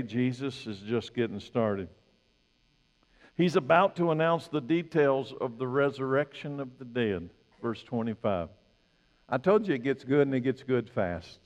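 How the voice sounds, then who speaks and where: A male pastor preaching a sermon, swinging from loud emphatic peaks to hushed, low lines. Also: big-room sound, lo-fi sound.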